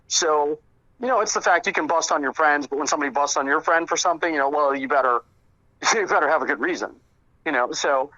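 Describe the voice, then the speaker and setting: A man's voice: on the high side, bright, forceful tone, lo-fi sound. A man telling stories about an old friend in a casual interview, rambling with many fillers and restarts. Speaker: interview guest, friend recounting memories.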